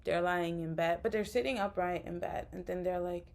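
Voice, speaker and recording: Her voice is lowish, fairly even in intonation and a little mellow, with vocal fry, at normal speed. She's a vlogger ranting casually to camera, worn out and frustrated, wandering through her thoughts with many fillers.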